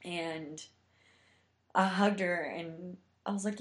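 A woman's voice: lowish voice, steady tone, slow, reverberant. A young woman telling a heartfelt personal story in a chatty way, full of fillers. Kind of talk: casual storytelling.

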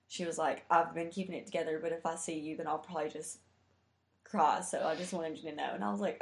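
A young woman with a low voice tells a heartfelt personal story, chatty and loose with fillers. The room around her sounds echoey and roomy. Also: flat delivery, brisk. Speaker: guest telling a personal story. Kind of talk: casual storytelling.

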